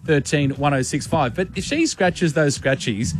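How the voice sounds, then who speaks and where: A man's voice: a little high, normal speed, soft background music. A young adult man with an Australian accent co-hosting a radio show, playful and cheeky in his banter. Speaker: radio co-host.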